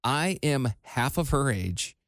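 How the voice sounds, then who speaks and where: A man's voice: medium pitch, sing-song, slow, fairly bright tone, dry recording, studio quality. A man in his forties co-hosting a radio show in casual chat, laughing often and restarting his sentences.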